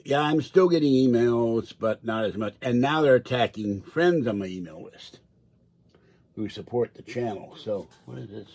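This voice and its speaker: Husky rambling man on a home livestream. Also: medium pitch, normal speed, darkish tone. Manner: chatty, meandering storyteller who laughs often. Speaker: livestream host. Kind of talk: rambling casual livestream chat. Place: indoors at home.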